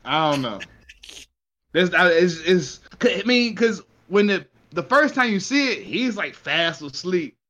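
An excitable man recounts a story in loose, slangy chat, swearing and laughing along the way. His voice sits a little high and rings bright and forceful. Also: a little slow. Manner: slangy, says y'all and ain't. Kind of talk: casual chat.

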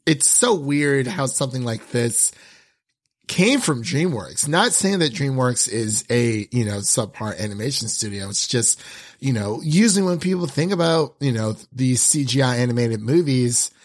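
A man's voice: mid-range voice, lively intonation, moderate pace. A man hosting a casual film review chat, hesitant, with many ums and restarts. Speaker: podcast host.

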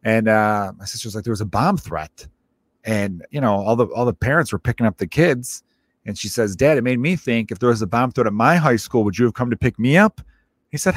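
A man in his thirties hosts a podcast, spinning casual stories in a rambling, foul-mouthed monologue and often cutting himself off mid-sentence. His medium-pitched voice has lively intonation and a fairly quick pace, with no room sound.

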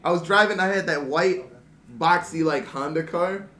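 A man telling animated, laughing stories among friends and acting out their lines. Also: on the high side, moderate pace. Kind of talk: casual storytelling among friends. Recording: echoey room, noisy background.

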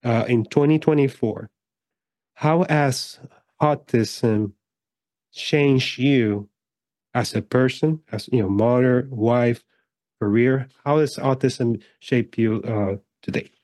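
A man hosts a podcast interview in a mellow, warm-toned voice, pausing and hedging as he builds his questions. His mid-range voice is recorded close and dry. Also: mid-range voice, dry recording. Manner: measured, halting questions with fillers. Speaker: podcast host.

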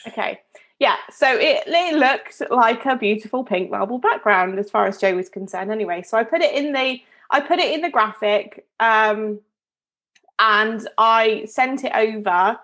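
A woman's voice: on the high side, moderate pace, a bit bright. A woman co-hosting a podcast, telling a story in a chatty, rambling way with frequent laughs. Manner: chatty, rambling, self-interrupting, laughs often. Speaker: podcast co-host. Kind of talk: casual storytelling chat.

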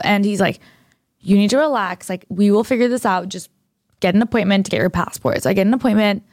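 A woman's voice: medium pitch, animated, fast talker, a little mellow, no room sound, studio quality. A young woman co-hosting a podcast, telling a story in casual chat and acting out both sides of the conversations. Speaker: podcast co-host.

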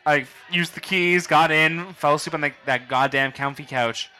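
A man's voice: fairly high pitch, moderate pace, pushed and bright. A young man from Canada telling a long story casually, swearing a lot and acting out quotes. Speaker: podcast guest.

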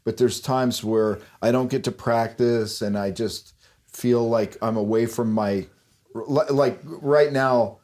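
A man's voice: mid-range voice, fairly even intonation, slow pace, a little mellow. A man hosting a casual podcast, rambling and self-deprecating, laughing at his own jokes. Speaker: podcast host, musician. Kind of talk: casual chat.

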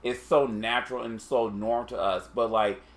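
A man's voice: mid-range voice, fairly even intonation, normal speed. A man co-hosting a casual podcast chat, chatty and easygoing, laughing along and filling his talk with likes. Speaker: podcast co-host.

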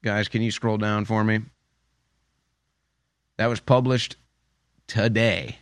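A man's voice: lowish voice, level tone, slow pace, no echo, clean studio sound. A man giving an opinion commentary monologue, emphatic and sarcastic, with a habit of repeating phrases for effect. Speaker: political commentator.

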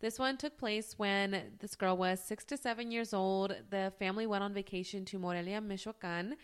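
A woman's voice: medium pitch, fairly even intonation, moderate pace, clean tone. Chatty young woman telling spooky stories. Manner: chatty, full of "like" fillers, laughs easily. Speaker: podcast co-host. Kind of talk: casual chat, telling scary stories.

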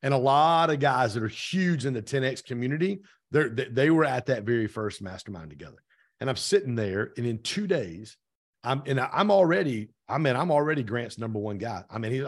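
A man's husky, slightly rough voice at a middle pitch, talking as a podcast guest. He tells his story with lots of energy and slips into the voices of the people he quotes. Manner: energetic, retells events with lively quoted dialogue. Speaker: podcast guest, real estate team owner. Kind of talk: animated storytelling in conversation.

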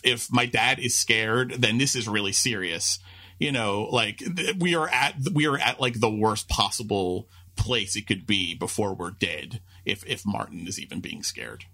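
A man co-hosting a podcast, talking in a rambling casual way with many asides and restarts. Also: mid-range voice. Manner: rambling, restarts and filler-heavy, animated asides. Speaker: podcast co-host. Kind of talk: casual chat.

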